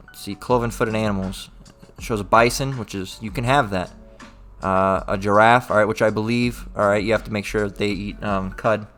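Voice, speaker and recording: A man's voice: fairly low pitch, steady tone, moderate pace, fairly bright tone, faint music behind. A man casually going through scripture verse by verse, reading passages aloud and checking in with his listeners after nearly every line. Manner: repetitive, checks in with "all right?"; reads old-style scripture aloud with more lift. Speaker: religious teacher.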